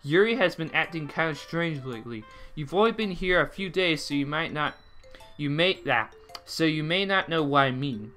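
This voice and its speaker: A young gameplay commentator with a slightly high, sharp voice does let's play commentary and reads game dialogue aloud. He's jumpy and dramatic, swearing and breaking into sudden outbursts.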